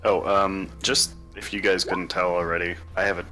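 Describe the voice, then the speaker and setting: A man's voice: low voice, little pitch movement, normal speed, bright, forceful tone, faint music behind. A man playing a tabletop game, talking in a put-on Scottish accent and joking about himself. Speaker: player.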